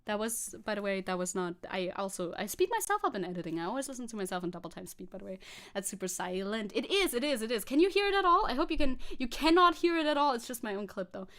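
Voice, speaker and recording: A VTuber streamer with a non-native English accent chats casually on a livestream while reacting to a video. She is animated and self-mocking, rambling fast at a medium pitch with frequent laughs and restarts.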